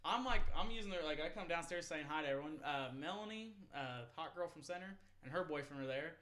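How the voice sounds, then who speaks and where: A man's voice: fairly high pitch, lively intonation, fast, a bit bright. Profane, rambling young man storyteller. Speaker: podcast host. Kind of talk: casual storytelling chat.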